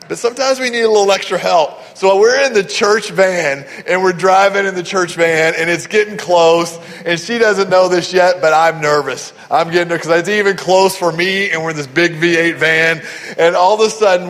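A middle-aged man preaching a sermon as pastor, telling stories with lively, acted-out voices. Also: high voice, a little fast. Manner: animated storytelling, acting out voices. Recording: long hall reverb.

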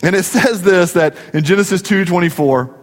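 A middle-aged man preaches with a high, light voice, mixing jokes and family stories into his sermon. His words ring out with a long hall reverb around them. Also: normal speed. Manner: jokey, storytelling preacher. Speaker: pastor.

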